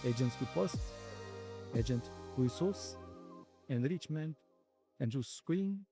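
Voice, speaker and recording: A man with a French accent, a company founder answering interview questions at a conference in a halting way, pausing often to search for words in English. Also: mid-range voice, expressive, over music. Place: conference venue.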